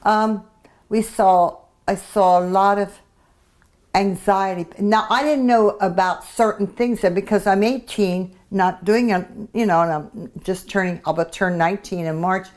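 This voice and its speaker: A woman's voice: medium pitch, fairly even intonation, a little slow, a little mellow. A woman in her eighties, a veteran interviewee, speaking reflectively in an oral history interview with frequent restarts. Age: 80s.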